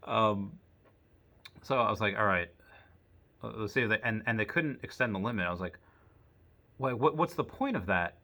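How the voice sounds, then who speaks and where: A young man vents to camera about a long run-in with his bank. His voice sits a little low but cuts through bright and forceful. He jumps between his own lines and the other side's, swearing when annoyed. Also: moderate pace, pauses often. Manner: animated storytelling, acts out both sides of the conversation, swears. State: frustrated. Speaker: vlogger. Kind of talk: casual rant to camera.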